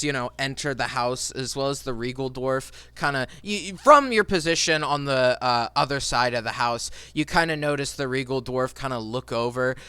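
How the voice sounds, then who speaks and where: A man narrating as game master of a tabletop game, halting with many fillers. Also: medium pitch, bright, forceful tone, clean tone, no room sound.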